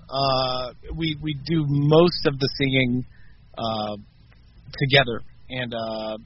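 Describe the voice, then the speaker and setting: Soft-spoken man, musician guest. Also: mid-range voice. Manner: reflective, soft-spoken with hesitations. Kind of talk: casual interview. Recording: dull lo-fi with faint noise.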